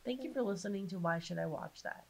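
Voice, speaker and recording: A woman's voice: mid-range voice, fast talker, creaky. A woman co-hosting a podcast in a playful, casual chat, often laughing. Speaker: podcast co-host.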